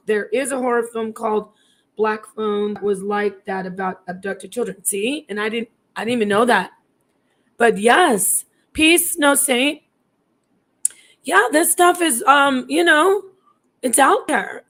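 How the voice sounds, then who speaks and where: A fairly high, slightly bright voice carries this woman's personal story, told casually and with many digressions. In her thirties, she restarts sentences often and acts out the voices of people she quotes.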